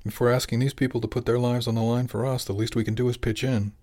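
A man's voice: mid-range voice, flat delivery, fast, dark tone, close to an everyday voice. A man voicing a jolly, determined middle-aged fishing boss who talks plainly and persuasively.

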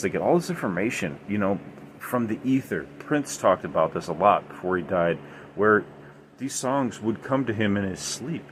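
Here a man with a fairly low-pitched voice tells paranormal stories on his podcast, wandering and emphatic, leaning on many filler words. The audio carries slight background noise.

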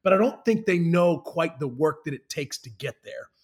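A man's voice: on the high side, animated, normal speed. A man who plays professional baseball, talking enthusiastically in a casual sports chat and calling his host "bro". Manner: enthusiastic, says "bro" a lot. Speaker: professional baseball player, guest.

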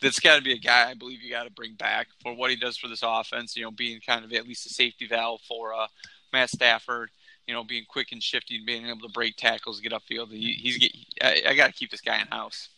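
A man's voice: mid-range voice, little pitch movement, fairly quick, vocal fry, pushed and bright, poor audio. A man hosting a casual sports podcast, rambling through his opinions with many fillers and restarts. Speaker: podcast host.

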